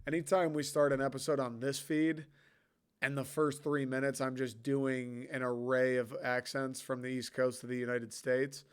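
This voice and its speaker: A man's voice: mid-range voice, little pitch movement, moderate pace, smooth. A young man from Michigan hosting a solo podcast, rambling in an offhand, casual way and swearing freely. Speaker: podcast host.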